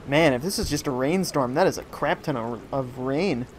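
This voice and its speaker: A man's voice: mid-range voice, moderate pace, a little hiss or hum. A man giving live commentary on a video game, joking and reading viewer chat aloud from home. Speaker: gaming streamer. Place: at home during a rainstorm.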